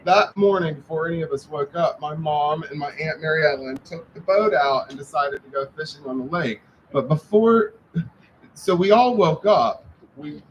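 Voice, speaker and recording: A man's voice: fairly high pitch, slight background noise, rough recording. A man giving a eulogy for his father, telling family stories with light humor. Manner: warm anecdotal storytelling with light humor. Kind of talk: memorial speech, storytelling. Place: memorial service venue.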